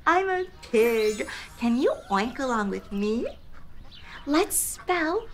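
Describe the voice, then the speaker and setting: A woman's voice: fairly high pitch, very animated. Sing-song woman teaching toddlers. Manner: sing-song, exaggerated animal noises, spells words slowly. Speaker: children's show host. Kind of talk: toddler learning lesson.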